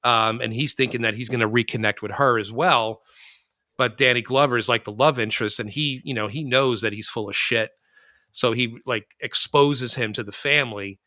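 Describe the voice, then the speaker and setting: Bright-voiced man rambling about films. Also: mid-range voice, normal speed, dry recording, studio quality. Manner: animated, rambling storyteller. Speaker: podcast host. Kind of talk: casual film discussion.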